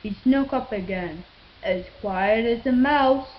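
A woman's voice: on the high side, slow pace, lo-fi sound. A woman narrating a rhyming storybook in the voice of a boastful man who chops down trees. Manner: boastful, sing-song rhyming. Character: boastful male tree-chopping builder, narrating.

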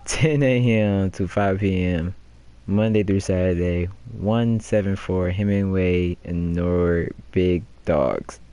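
A man's voice: sits low, takes it slowly, mellow, clean tone, dry recording. A man streaming a video game, casually reading posters aloud and joking and laughing at them. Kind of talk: casual let's-play commentary.

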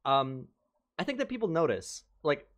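A man's voice: fairly high pitch, sing-song, moderate pace. A young man being interviewed in a casual chat about video editing, rambling and swearing, often joking. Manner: rambling, profane, jokey, slips into mocking voices. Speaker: interview guest, video editor.

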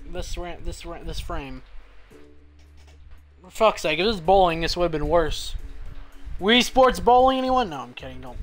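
A young man streaming a pool game live, swearing and pleading with the balls as he plays. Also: high-pitched. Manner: swearing, exasperated, talks to the game. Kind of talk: live gaming stream commentary.

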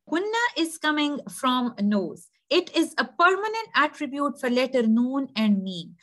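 Female teacher, a little high-pitched, calm and explanatory, models sounds slowly. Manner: patient, explanatory, demonstrates pronunciations slowly. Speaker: Quran recitation teacher. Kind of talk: tajweed lesson.

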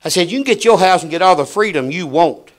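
A middle-aged man preaching with a fairly high voice. He drops to a hush, then rises to a shout as he tells stories from the pulpit. The sermon is dramatic and full of anecdotes. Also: lively intonation, quick pace. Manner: dramatic swings from hushed to shouting, storytelling preacher.

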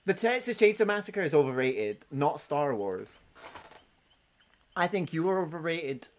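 A man's voice: on the high side, sing-song, measured pace. A man casually chatting on a gaming live stream, joking, swearing and laughing often as he banters with friends and chat.

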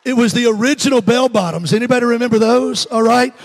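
In a church sanctuary, a man in his fifties from Alabama, an evangelist with a Southern accent, preaches a humorous story and jokes with his congregation. His pitch is extremely high, his delivery brisk, and the space sounds large.

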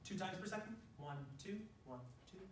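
In a large room at a professional development session, a man with an animated, high-sitting voice leads a music education workshop. At normal speed he explains things step by step and demonstrates on piano. The audio is echoey and picked up from a distant mic, with background noise and piano.

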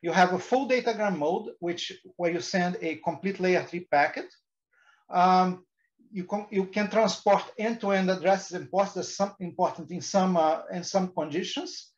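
A man's voice: sits high, normal speed, dull audio. A man giving a technical presentation to engineers, often restarting words and using fillers. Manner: hesitant, frequent restarts and fillers.

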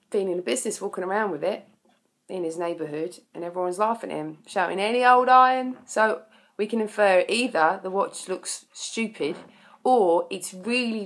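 A woman's voice: fairly low pitch, normal speed. A woman chatting casually between verses of a song she plays, explaining it with self-deprecating jokes. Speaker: amateur singer explaining a song.

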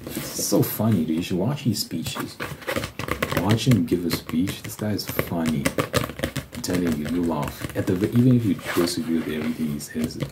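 Young male ASMR host, very low voice, rambling profane chat over heavy background noise. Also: normal speed. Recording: loud background noise and clicks.

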